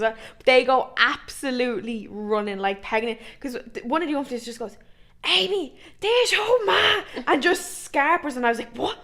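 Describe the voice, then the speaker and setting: A young woman from Ireland with a Dublin accent, co-hosting a podcast and telling a story in a casual, animated way with plenty of swearing. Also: fairly high pitch. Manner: animated, swears freely, acts out voices in her story. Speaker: podcast co-host.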